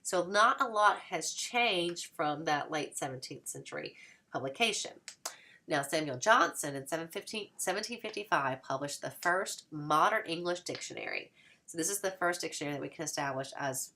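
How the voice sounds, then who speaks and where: A woman teacher giving a recorded lecture, explaining patiently and sounding out vowels slowly. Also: sits low, expressive, bright, forceful tone, a little hiss or hum.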